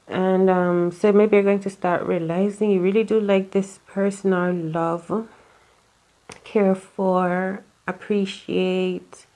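A woman's voice: mid-range voice, level tone, slow pace, warm tone. A woman giving a casual tarot reading in a rambling, chatty way, full of fillers and asides. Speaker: tarot reader.

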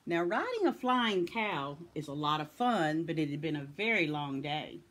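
A woman from Tennessee reading a children's picture book aloud with expressive storytelling. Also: sits low, normal speed, a little hiss or hum.

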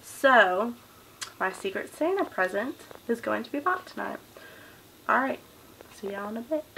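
A young woman from the South with a Southern US accent, chatting to camera in a casual daily vlog and telling stories in an animated way. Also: on the high side, a little slow, gravelly, slight background noise, poor audio. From Southern United States. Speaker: vlogger.

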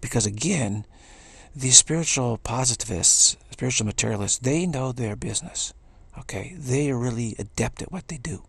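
A man's voice: medium pitch, expressive, normal speed, creaky, fairly bright tone, breathy edge, dry recording. A man giving an earnest spiritual talk, repeating key phrases and restarting sentences as he goes. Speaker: spiritual speaker.

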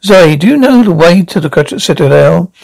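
A man reading as a brisk, clever young woman. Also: high-pitched, lively intonation, gravelly, a little mellow, poor audio. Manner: brisk and matter-of-fact.

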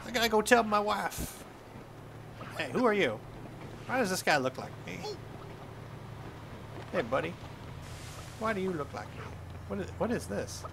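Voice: medium pitch, very animated, unhurried, creaky, pauses often. A gameplay host giving playful let's-play commentary, goofing around and role-playing the game's farmer with mock drama. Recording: noisy home recording.

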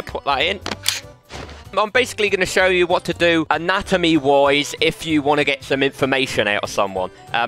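Brash British gamer with a bright voice. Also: male voice, medium pitch. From United Kingdom. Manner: playful mock-teacher banter, swings between quiet menace and loud outbursts. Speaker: YouTube gamer. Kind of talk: comedic VR gameplay commentary.

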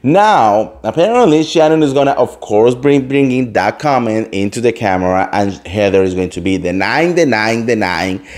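Gossipy man hosting a chatty show. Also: medium pitch. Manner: animated, gossipy, acts out quotes, calls listeners "girl". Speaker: host. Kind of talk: casual gossip chat.

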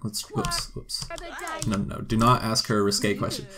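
A man's voice: lowish voice, flat delivery, fairly quick, sharp tone. A man giving casual, joking let's-play commentary as he plays a life-sim game and talks to its characters. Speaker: gaming video host.

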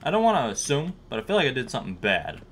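A man's voice: medium pitch, huge pitch swings, racing, a bit bright, a little hiss or hum. Chatty young man playing a game. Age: young adult. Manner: chatty, repeats plates aloud, nervous. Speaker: gaming YouTuber. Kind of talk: live game commentary.

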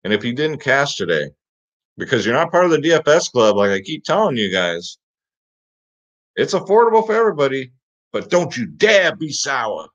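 Sing-song and a little fast, his medium-pitched voice is broken by long pauses. He hosts a fantasy sports picks show in a hyped, casual style, often repeating "guys" and "get him in there," recorded in slightly dull lo-fi.

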